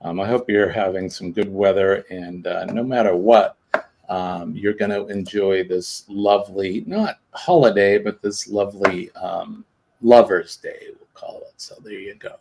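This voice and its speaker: A man's voice: deep voice, measured pace, gravelly, noisy background. A man hosting a casual livestream, rambling with lots of ums and uhs. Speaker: livestream host. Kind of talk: casual live chat.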